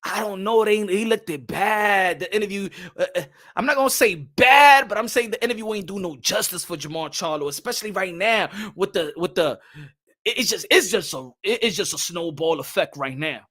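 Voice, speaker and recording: A man hosting a boxing live stream, greeting viewers and ranting loudly with lots of profanity and occasional Spanish phrases. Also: high voice, moderate pace. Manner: loud, hyped, profane, frequent shouting. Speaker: boxing channel host. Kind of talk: live-stream commentary and viewer shout-outs.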